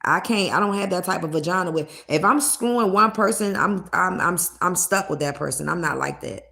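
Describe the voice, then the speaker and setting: A woman's voice: on the low side, a little fast, creaky, sharp tone. A young woman chatting bluntly and profanely with viewers on a livestream, laughing between points. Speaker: live streamer. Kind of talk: casual livestream chat with viewers.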